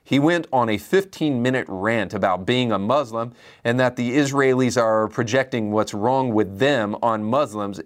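A man hosting a commentary show, delivering opinions in an emphatic, argumentative way. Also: medium pitch. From United States. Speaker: commentary podcast host.

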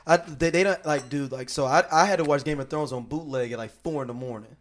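A man's voice: fairly high pitch, fast. A man hosting a casual podcast chat, loose and joking, laughing often. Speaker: podcast host.

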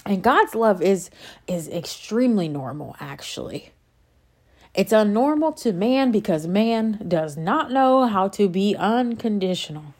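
A woman faith vlogger talks casually and passionately about her beliefs, rambling and cutting herself off as she gets worked up. Her mid-range voice is animated, a little mellow, and unhurried.

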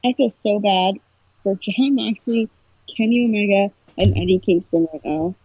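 With no echo and a moderate pace, a woman's mid-range, husky voice plays over what sounds like a tinny phone line. She's casually chatting on a podcast, narrating a story full of emotion and animation.

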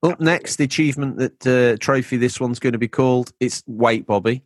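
A man with a medium-pitched, brisk voice hosts a casual gaming podcast, recorded dry and at studio quality. He jokes around and reads listener messages aloud.

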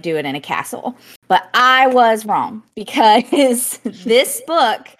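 Woman podcast co-host, chatty and self-conscious, rambling book review. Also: mid-range voice. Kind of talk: casual book review chat.

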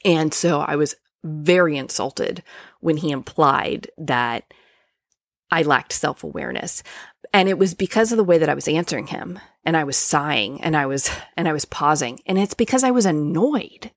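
A woman with a low, gravel-edged voice speaks frankly about her own experience, as a coach would. She talks loosely, with fillers and the odd curse. The sound is dry and close, with no room around it. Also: animated, normal speed, no room sound. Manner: frank and conversational, swears freely, many fillers. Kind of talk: candid personal storytelling monologue.

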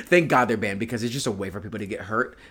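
Animated young man, lively pitch. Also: quick pace. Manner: animated, laughing, expressive. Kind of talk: casual chat.

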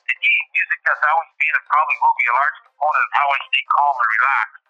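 Bright-voiced man reading his memoir. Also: medium pitch, quick pace, lo-fi sound. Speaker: podcast host. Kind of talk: reading a personal memoir aloud.

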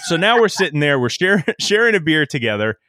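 A man's voice: fairly high pitch, fast, no echo, studio quality. A middle-aged man telling a casual sales story as a podcast guest, laughing often and quoting himself. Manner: animated anecdote-teller, laughs often, quotes himself.

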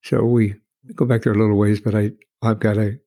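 Easygoing, deep-voiced Colorado man. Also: little pitch movement, fairly quick, warm tone. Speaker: interviewer. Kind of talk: casual conversation.

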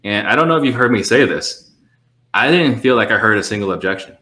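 A man who trains real estate salespeople, talking casually in a podcast conversation, measured and explaining with quick acted-out phone exchanges. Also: fairly low pitch, expressive, sharp tone, echoey room.

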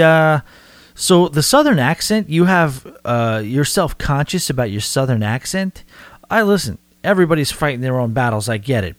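A man with a New York accent talks his way through listener mail on his podcast, wandering off track and circling back. His voice sits at an ordinary pitch for a man. The recording is close and dry, with no room sound. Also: dry recording. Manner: rambling, conversational, frequent restarts and fillers. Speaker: podcast host. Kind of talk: casual podcast monologue answering listener mail.

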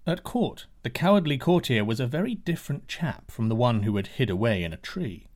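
A man narrating a fairy tale in a measured, expressive reading. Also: mid-range voice. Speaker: storyteller.

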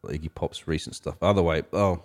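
A man's voice: a bass voice, steady tone, brisk. A man co-hosting a music podcast, talking casually and rambling with lots of fillers and restarts. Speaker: podcast co-host.

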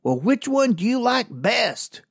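A man voicing a brash, pushy woman who yells at strangers in the street, in a loud, insistent voice. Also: very high-pitched, very animated, measured pace, vocal fry, dry recording, clean studio sound, voice pushed up, full character voice. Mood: curious.

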